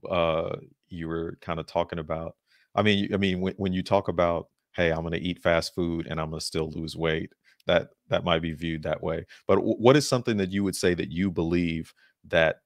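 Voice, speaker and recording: A man with a very deep voice hosting a podcast interview. He chats casually, often thinking aloud as he frames his questions. The recording is close and dry. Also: no room sound. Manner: thinks aloud, explaining ideas in engineering terms; laughs easily, gives short affirmations. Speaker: podcast host.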